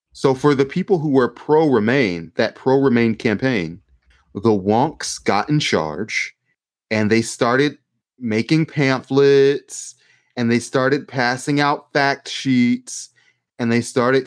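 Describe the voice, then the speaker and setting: A man co-hosting a podcast, chatting casually and sarcastically about politics, swearing freely. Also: medium pitch. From United States. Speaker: podcast co-host.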